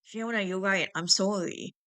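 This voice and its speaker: A woman's voice: medium pitch, normal speed, a bit bright, natural voice. A woman voicing a guarded, jealous man making a stiff apology, in a storybook reading. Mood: grudging.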